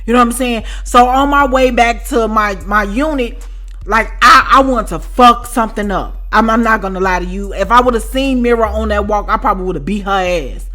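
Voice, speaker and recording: A woman telling a story to her viewers in a casual, profane, animated way, often asking if you know what she's saying. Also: a little high, normal speed, soft background music. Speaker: storytime vlogger.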